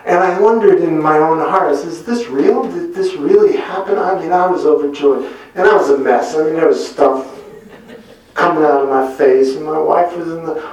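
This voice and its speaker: A man's voice: on the high side, steady tone, normal speed, a little mellow. A middle-aged man telling a personal testimony in a church, earnest and with wry self-deprecating humor. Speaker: church speaker giving a testimony. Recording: very echoey room, mic far off.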